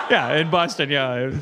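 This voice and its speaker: A man riffing with sardonic, quick interjections as host of a live comedy podcast. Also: fairly high pitch, gravelly, noisy background. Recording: live audience crowd audible.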